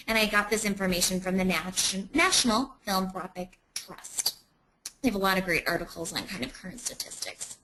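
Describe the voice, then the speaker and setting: A woman's voice: medium pitch, fairly bright tone, slight background noise, poor audio. A woman presenting a webinar in a chatty way, with many ums.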